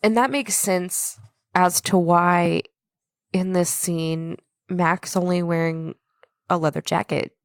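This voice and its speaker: A woman's voice: lowish voice, steady tone, takes it slowly, dry recording, studio quality. A woman co-hosting a casual podcast, bluntly recapping a film and swearing offhandedly. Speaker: podcast co-host. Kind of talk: casual film discussion chat.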